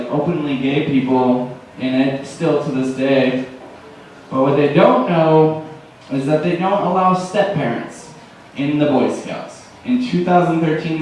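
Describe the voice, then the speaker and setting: A young man doing open mic stand-up in a rambling, deadpan way, his voice pitched a little high. He sounds very echoey, caught by a mic far across the room. A faint hum sits underneath. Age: late teens to early 20s. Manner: rambling, deadpan, many fillers. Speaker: stand-up comedian.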